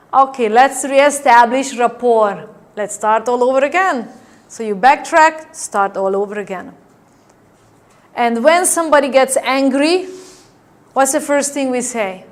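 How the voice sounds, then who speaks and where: Lecturing her class in a slightly high voice, a female NLP trainer acts out tone shifts to show each point. She's demonstrative and repeatedly checks with the room by asking "right?"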